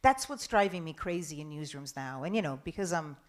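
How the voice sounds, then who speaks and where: A woman's voice: deep voice, animated, fairly quick. Frank middle-aged woman from Denmark. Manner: frank, chatty, emphatic. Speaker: panel speaker. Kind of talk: festival panel answering audience questions.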